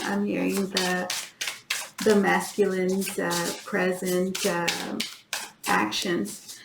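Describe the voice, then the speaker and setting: A woman giving a tarot reading to her viewers, talking in halting starts and repeats and often addressing them as guys. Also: mid-range voice, vocal fry, reverberant, noisy background. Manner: halting, repeats herself, keeps saying "guys". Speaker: tarot reader.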